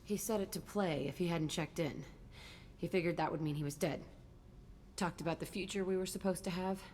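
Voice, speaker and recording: A hardened young woman fighter, voiced by an actress with a low, husky-edged register and a curt, defiant way of clipping her words. The game lines ring out with a long hall reverb behind them. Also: fairly quick, darkish tone, slight background noise, natural voice. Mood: bitter. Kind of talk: video game dialogue.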